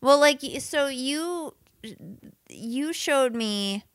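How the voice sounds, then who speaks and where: A woman's voice: high voice, lively intonation, very slow, dry recording, studio quality. A woman co-hosting a casual movie chat with wry, teasing remarks. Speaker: podcast co-host.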